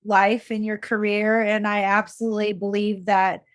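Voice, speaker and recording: A woman hosting a podcast interview, emotional and halting as she responds to her guest. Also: medium pitch, level tone. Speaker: podcast host. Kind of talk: interview conversation.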